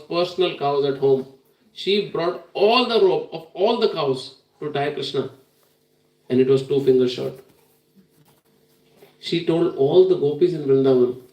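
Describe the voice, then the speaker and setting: A man giving an earnest, animated devotional sermon that tells a story. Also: on the high side. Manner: earnest, animated, laughs while telling. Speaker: devotional speaker. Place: temple hall. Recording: roomy hall, distant mic.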